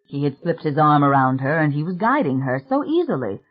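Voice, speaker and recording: An audiobook narrator reading a thriller in a measured, even way. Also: medium pitch. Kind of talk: scripted narration. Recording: tinny phone-like sound.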